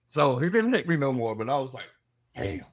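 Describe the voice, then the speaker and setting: A middle-aged man, a guest telling animated stories and laughing as he acts out the voices in them. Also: medium pitch, a little fast. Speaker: guest, paranormal investigator. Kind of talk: animated storytelling.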